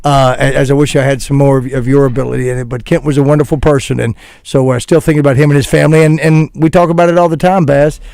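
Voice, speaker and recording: Halting man on morning radio. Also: medium pitch, flat delivery, vocal fry, darkish tone, no echo, studio quality. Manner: halting, earnest talker with many fillers. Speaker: radio show co-host. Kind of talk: casual morning radio banter. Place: radio studio.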